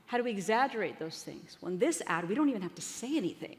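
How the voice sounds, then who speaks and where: A woman's voice: mid-range voice, lively intonation, quick pace. A woman giving an upbeat, chatty marketing talk from a conference stage, addressing the audience. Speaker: conference speaker. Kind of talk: live marketing presentation. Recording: reverberant hall.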